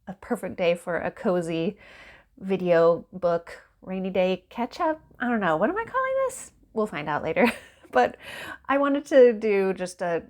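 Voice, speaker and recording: A woman's voice: mid-range voice, sing-song, unhurried, a little mellow. A woman in a casual chat at home by a window, talking in a rambling, chatty way and laughing often. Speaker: book vlogger.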